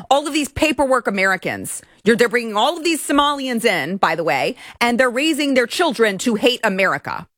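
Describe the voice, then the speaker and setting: A woman in her thirties hosts a commentary show, her voice pitched a little high and recorded dry and close. She rants with heated indignation, pressing each point hard. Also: expressive, fairly quick, few pauses, a bit bright, no room sound. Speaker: political commentary host. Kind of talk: opinion commentary monologue.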